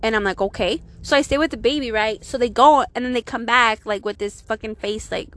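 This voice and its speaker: A woman's voice: a little high, a little fast, hardly any pauses. Profane, chatty young woman telling a story. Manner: profane, animated, lots of "like" fillers. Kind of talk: casual storytelling, vlog-like.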